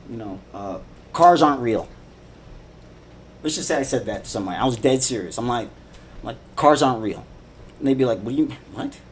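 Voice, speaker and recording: A man's voice: mid-range voice, a little hiss or hum. A man and father of three talking casually on a livestream, rambling, repeating himself, swearing and laughing. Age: adult father. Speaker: live streamer.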